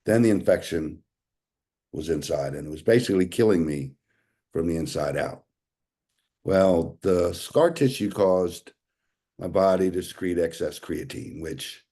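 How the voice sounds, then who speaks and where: Slow, deep-voiced man in his 60s. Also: warm tone. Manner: earnest storytelling, addresses the crowd as y'all. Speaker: speaker sharing a health testimonial. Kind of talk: personal testimony to an audience.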